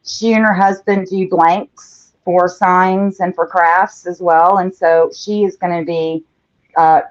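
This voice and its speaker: A woman hosts a live painting show, chatting casually and reading out viewer comments as she works. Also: on the low side. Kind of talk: casual livestream chat while painting. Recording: dull lo-fi livestream audio.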